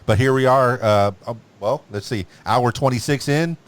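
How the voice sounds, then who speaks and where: A man's voice: medium pitch, normal speed. A man hosting a podcast in casual chat, wrapping up with upbeat radio-style patter. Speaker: podcast host.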